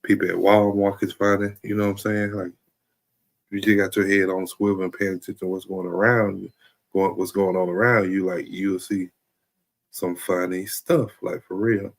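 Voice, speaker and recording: A man's voice: deep voice, flat delivery, moderate pace. A man talking in a loose, rambling comedic monologue as a stream host, often checking in with "you know what I'm saying". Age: adult.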